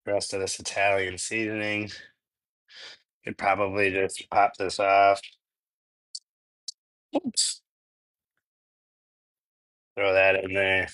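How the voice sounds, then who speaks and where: Speaking low with a completely flat delivery, the Minnesota-born host keeps a measured pace, and his voice comes across a bit bright. He's a man running a casual live cooking stream from his home kitchen in the US Midwest, rambling chattily, laughing often and responding to chat. The recording is dry and rough.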